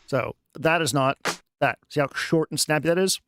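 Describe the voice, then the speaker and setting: A man casually talking through a music production tutorial on a live stream, chatty and thinking out loud with lots of fillers. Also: a little high, moderate pace, noisy background. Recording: music playing underneath.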